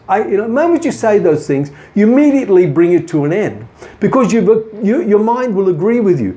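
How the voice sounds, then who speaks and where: An earnest man talks straight to camera with encouraging motivational advice for his viewers. His pitch moves a lot as he leans into each point. He restarts words now and then and calls the audience his friends. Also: big pitch swings, fairly quick, mellow. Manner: repeats himself with small restarts. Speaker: artist giving business advice, host of a daily video show.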